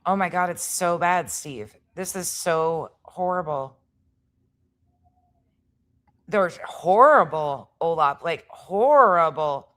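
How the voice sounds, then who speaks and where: Blunt, low-voiced woman streamer. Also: lively intonation, slow, hardly any pauses, fairly bright tone. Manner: blunt and profane, talks straight to the chat. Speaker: streamer reacting to podcast clips. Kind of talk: casual reaction stream.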